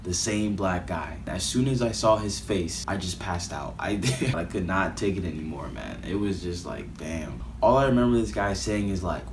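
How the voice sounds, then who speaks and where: A young man in his twenties tells a story straight to camera. His voice sits fairly low, and he keeps it animated, casual and full of slang. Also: normal speed, hardly any pauses, noisy background. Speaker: vlogger.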